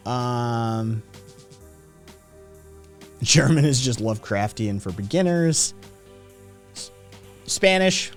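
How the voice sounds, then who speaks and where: A man's voice: medium pitch, lively intonation, slow pace, long pauses, faint music behind. A man hosting a casual livestream, reading statistics and chat messages aloud and reacting with profane, sardonic comments.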